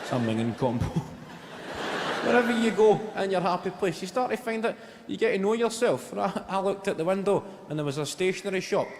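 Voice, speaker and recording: Animated Glaswegian man on a stage. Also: high-pitched, brisk, very noisy. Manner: swearing, animated storytelling with rising shouts. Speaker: stand-up comedian. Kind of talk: stand-up routine. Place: theatre stage with audience laughter. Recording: long hall reverb, loud ambience.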